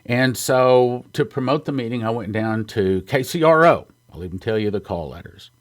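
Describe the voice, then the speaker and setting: A man's voice: medium pitch, lively intonation, normal speed. A man from the United States telling an earnest, storytelling testimony in a sermon, sometimes choking up with emotion. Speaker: ministry founder and speaker.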